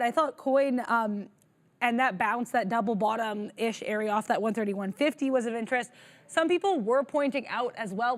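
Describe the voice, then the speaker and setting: A woman co-hosting a live trading show, giving chatty, upbeat market commentary with many fillers and reading viewer messages aloud. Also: a little high.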